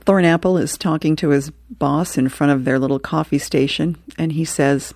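A woman host reading out comic strips and history notes in a relaxed way. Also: low voice, normal speed, few pauses, no room sound, studio quality. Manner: relaxed, chuckles at the jokes.

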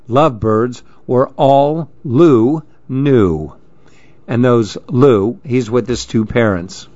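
A man reading children's storybooks aloud in a slow, lilting, expressive way. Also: medium pitch, no room sound. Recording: dull lo-fi dry recording.

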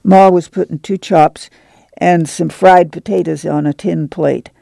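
Male audiobook narrator, steady storyteller, slightly higher voice, close and dry. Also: measured pace, vocal fry, no echo. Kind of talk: scripted literary narration.

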